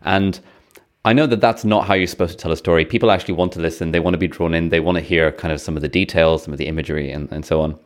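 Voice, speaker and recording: A man's voice: deep voice, steady tone, rapid-fire. A young adult man hosting a casual podcast interview, laughing easily and restarting his sentences. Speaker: podcast host.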